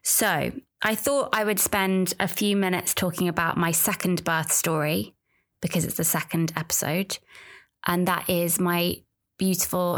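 A woman's voice: on the low side, a bit bright. A woman, chatting casually and candidly on her own, often trailing off and restarting. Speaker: podcast host. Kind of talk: casual solo chat about pregnancy and birth.

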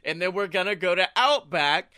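Young male comedy podcast co-host. High, dry, close sound; lively, profane storyteller. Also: normal speed, smooth, no echo. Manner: animated storyteller, swears freely, acts out quotes. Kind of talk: casual comedic chat.

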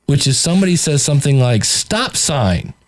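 Man, mid-pitched voice, sardonic, exasperated, stammering restarts. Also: very animated, normal speed. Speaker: host reviewing a podcast. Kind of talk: critical commentary over played clips.

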